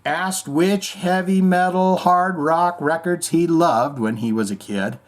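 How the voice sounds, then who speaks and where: A slightly high-voiced man takes it slowly while hosting a relaxed show built around music news. Reading stories aloud, he riffs with irreverent, swearing asides, rambles, and mock-reads the quotes.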